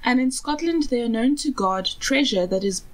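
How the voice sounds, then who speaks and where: Young woman, podcast co-host, lively pitch, giggly, rambling, self-mocking. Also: moderate pace, low-quality recording. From South Africa. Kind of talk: casual chat.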